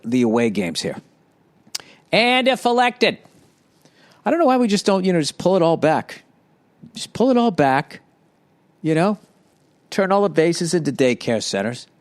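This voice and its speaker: A man's voice: mid-range voice, a little mellow. A man hosting a solo podcast, ranting with heavy profanity and sarcasm and stammering restarts when worked up. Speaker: podcast host.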